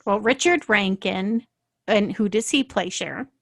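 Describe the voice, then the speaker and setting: A woman's voice: mid-range voice, a little slow, gravelly, a bit bright, husky, dry recording. A woman from the Maritimes co-hosting a podcast in casual chat, playful and teasing, laughing often. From Canadian Maritimes. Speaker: podcast co-host.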